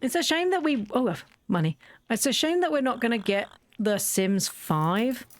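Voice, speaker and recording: A woman's voice: fairly high pitch, animated, normal speed. A young woman giving casual, rambling, self-deprecating commentary as she plays a video game. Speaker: let's play host. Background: faint game music.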